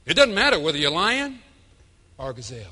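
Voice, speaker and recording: Bright energetic male motivational speaker. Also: on the high side, brisk. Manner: energetic, emphatic. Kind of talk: live keynote storytelling.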